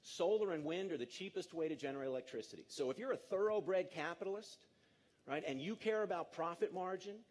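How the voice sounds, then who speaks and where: A man in his fifties giving a lively, jokey conference talk to an audience in a large auditorium, coaxing the crowd along. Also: high voice, brisk. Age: 50s. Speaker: speaker.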